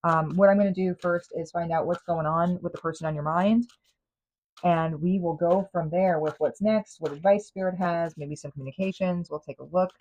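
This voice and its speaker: Brief: female tarot host, lowish voice, emphatic and chatty, lots of "like" and restarts. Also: fairly even intonation, normal speed, a little mellow, poor audio. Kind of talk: tarot reading monologue.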